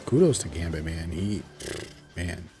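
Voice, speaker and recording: A man casually recapping a cartoon episode, rambling with lots of fillers and excited exclamations. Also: sits low, unhurried, music in the background. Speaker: show reviewer.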